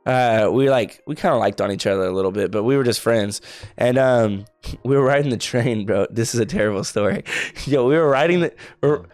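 Young male podcast co-host, rambling casual storyteller, mid-pitched, faint music behind. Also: brisk, darkish tone, no room sound. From Texas. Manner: rambling, says "bro" a lot.

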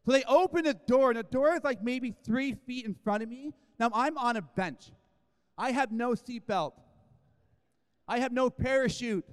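A man's voice: very high-pitched, normal speed, clear, resonant tone. A man preaching a sermon, telling a story in a humorous, self-deprecating, conversational way. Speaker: guest preacher. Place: church sanctuary. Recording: echoey church hall.

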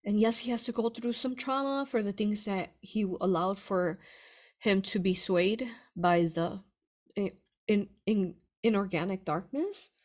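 A woman author talks casually to her followers in a medium-pitched voice. She rambles with many fillers and restarts. Her delivery swings from excited bursts to hushed, earnest asides. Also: measured pace. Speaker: author answering reader questions. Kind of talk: casual livestream chat.

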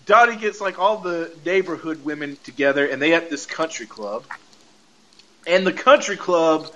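A man's voice: high-pitched, sharp tone, poor audio. A podcast host casually recapping a TV episode, laughing often and acting out the characters' lines as he retells the scenes.

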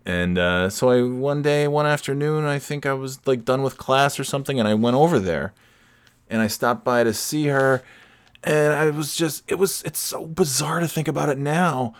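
Guy rambling thru a story, lots of restarts, swears a bunch, mid pitch. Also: normal speed, clear, resonant tone. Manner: rambling, many restarts, swears freely, self-mocking. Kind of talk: casual storytelling monologue.

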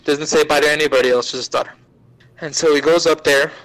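Man, slightly high voice, dry close sound, swearing constantly, rambling casual recap. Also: quick pace, no echo, poor audio. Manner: profane, rambling, animated storytelling. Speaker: podcast guest. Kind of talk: casual anime recap chat.

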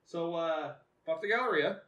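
A man's voice: a little high, normal speed, sharp tone, muffled recording. A man in his twenties co-hosting a podcast, telling rambling stories in casual chat, laughing often and swearing freely. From Northern California. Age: 20s. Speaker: podcast co-host.

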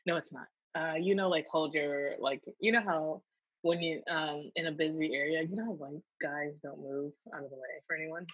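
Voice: medium pitch, fairly even intonation, moderate pace, husky, no echo, highs cut off. A podcast host in casual chat, laid-back and chatty.

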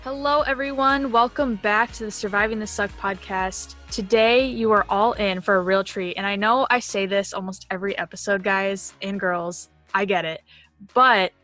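A woman's voice: mid-range voice, moderate pace, pushed and bright, faint music behind. A woman in her twenties hosting a casual podcast, talking in an effusive, enthusiastic way. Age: 20s. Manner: effusive, enthusiastic, gushing with praise. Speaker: podcast host.

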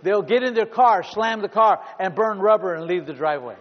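A man's voice: sits high, expressive, brisk. A middle-aged male pastor preaching a sermon with humor, acting out little scenes in asides. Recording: dull sound with long hall reverb.

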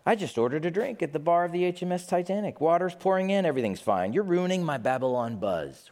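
A man preaching a sermon in an animated way, briefly acting out the people he talks about in quick put-on voices. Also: on the high side. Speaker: pastor. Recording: long hall reverb.

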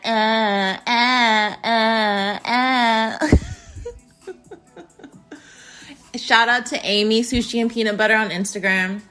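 A woman hosting her own podcast, talking in a loose, rambling monologue full of swearing and shout-outs to listeners. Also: on the high side. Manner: profane, rambling, jokey. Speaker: podcast host. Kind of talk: casual monologue.

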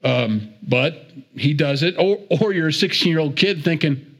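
A man's voice: a little high, expressive, unhurried. A man giving a conversational Bible teaching, chatty and digressive, with repeated words and chuckles.

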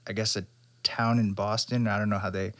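A young man with a lowish voice co-hosts a casual podcast and rambles through his thoughts. He talks loosely, stacking fillers and restarts as he goes. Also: fairly quick. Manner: rambling, animated, full of fillers. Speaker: podcast co-host. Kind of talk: casual chat about movies.

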